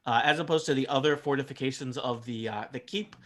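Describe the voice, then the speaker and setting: Man, game master, medium pitch, casual rambling narration, lots of fillers. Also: quick pace, a bit bright.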